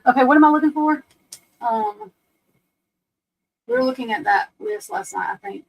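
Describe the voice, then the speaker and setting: Woman host, casual livestream chat, higher voice, rambling and self-mocking. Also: big pitch swings, normal speed, creaky, lo-fi sound, a little hiss or hum. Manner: chatty, self-deprecating, talks to viewers and her computer.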